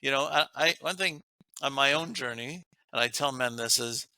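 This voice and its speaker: Bright, gravelly man giving earnest advice. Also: mid-range voice, moderate pace, no echo. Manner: earnest, laughs often while making points. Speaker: guest author giving relationship advice. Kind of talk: casual interview talk.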